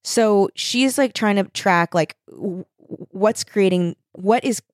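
A woman's voice: medium pitch, takes it slowly, no room sound, clean studio sound. A woman co-hosting a casual book podcast, talking hesitantly with many filler words as she searches for words. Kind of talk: casual chat.

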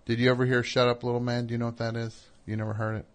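A man hosts a radio call-in show in a loose, casual chat. He rambles and gets animated, then lets his voice sink off quietly. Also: mid-range voice, rapid-fire.

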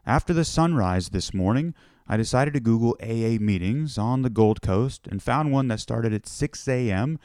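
A man's voice: mid-range voice, a little mellow, no room sound, clean studio sound. A man from the United States hosting a podcast, telling a personal story in a reflective, conversational way. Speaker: podcast host.

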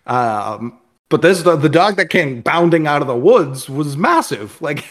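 A man's voice: on the high side, unhurried. A young man co-hosting a casual sports chat, telling stories animatedly and acting out what people said. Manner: animated storyteller, acts out quoted voices. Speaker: podcast co-host.

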